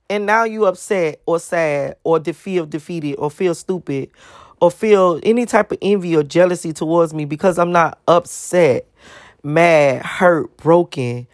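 A woman's voice: on the low side, measured pace, a little mellow, no echo, studio quality. A woman vlogger ranting to her viewers, emphatic and profane, firing off one rhetorical question after another. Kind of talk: ranting monologue to camera.

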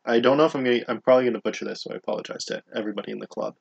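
A man's voice: medium pitch, fairly even intonation, rapid-fire, vocal fry, husky, dull audio. A young man co-hosting a comedy podcast, chatting casually with rambling, self-deprecating jokes. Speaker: podcast co-host.

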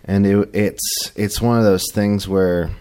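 Male podcast co-host, low and unhurried, reflective with lots of fillers. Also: fairly even intonation, a little mellow, smooth. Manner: reflective, halting, many fillers. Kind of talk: casual faith discussion.

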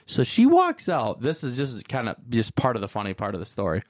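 A man's voice: medium pitch, brisk, dry recording, studio quality. A man co-hosting a casual chat show, telling a story and acting out the quotes in voices. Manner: animated, acts out quotes in voices. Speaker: podcast co-host.

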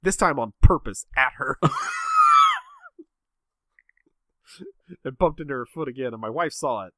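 A man's voice: mid-range voice, fast, slight background noise. A man chatting casually, rambling and self-mocking as he tells a story about himself. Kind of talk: casual chat, telling a story.

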